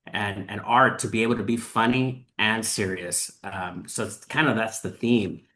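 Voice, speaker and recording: A man hosting a podcast, talking in a thoughtful, earnest way with many pauses and fillers. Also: fairly low pitch, steady tone, pushed and bright. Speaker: podcast host. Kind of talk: casual chat.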